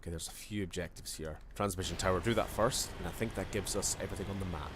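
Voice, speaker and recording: A man's voice: deep voice, fast, noisy background. A man with a Scottish accent, streaming a video game with rambling, jokey casual commentary. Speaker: gaming streamer.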